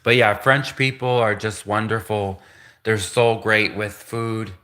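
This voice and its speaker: A man's voice: fairly low pitch, fairly even intonation, unhurried, pushed and bright. A man from Canada rambling through a casual solo livestream monologue, repeating himself and giggling between asides. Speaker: livestream host.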